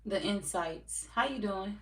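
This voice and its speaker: With a mid-range voice and lively intonation, a woman speaks a little slowly as she runs a live tarot stream, reading comments and chatting casually. She swears freely and laughs a lot. Echo fills the room from the distant mic, and faint noise sits in the background.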